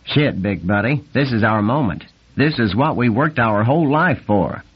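A man voicing an excitable young male navy lieutenant, brash and nasal, talking fast and swearing freely in an audiobook reading. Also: mid-range voice, breathy edge. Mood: excited. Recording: dull lo-fi recording.

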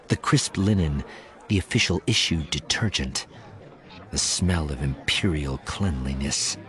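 A man narrates an audiobook in a lower voice, his dramatic delivery building tension. His pitch rises and falls widely from one line to the next. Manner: dramatic, animated storytelling. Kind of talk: scripted narration.

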